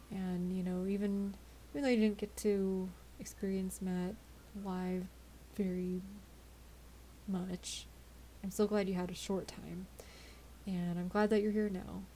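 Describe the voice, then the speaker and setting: A woman streamer talks to her chat late at night, worn out and yawning. Her voice is mellow with a husky, gravelly fry, and she rambles and giggles as she goes, and a faint hiss sits under the recording. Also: mid-range voice. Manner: chatty, giggly, stumbling over words. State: tired, yawning. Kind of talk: casual live-stream chat with viewers.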